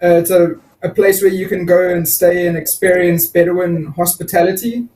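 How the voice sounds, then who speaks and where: A man's voice: sits high, fairly even intonation, moderate pace, a little mellow. A man with a South African accent who chats casually and hesitantly on a livestream. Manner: hesitant, with many fillers. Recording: echoey room, distant mic.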